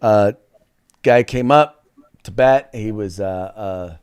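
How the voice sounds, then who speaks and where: A man's voice: lowish voice, takes it slowly, darkish tone, smooth. A man hosting a political talk show, giving short sarcastic agreements and telling stories loosely with many fillers. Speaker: host.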